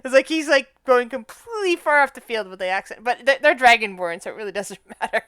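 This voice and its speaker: A woman's voice: on the high side, expressive, quick pace, a bit bright, smooth, dry recording, clean studio sound. A woman with an Appalachian accent, running a tabletop game and chatting with laughs and stumbles. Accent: Appalachian American. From Appalachia, USA. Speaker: game master.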